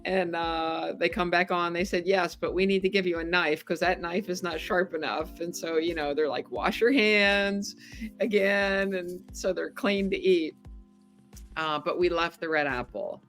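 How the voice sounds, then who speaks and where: A middle-aged woman speaks in a lower register, a guest recounting events in relaxed, animated conversation. She laughs easily as she goes. Faint music sits under her voice. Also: moderate pace. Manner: chatty, animated, laughs often. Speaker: podcast guest, former game show contestant. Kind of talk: casual storytelling interview.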